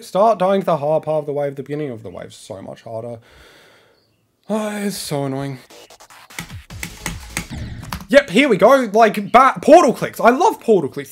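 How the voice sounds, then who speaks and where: High, lively male gamer ranting. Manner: frustrated, rants about the level. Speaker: gamer playing live. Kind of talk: live gameplay commentary.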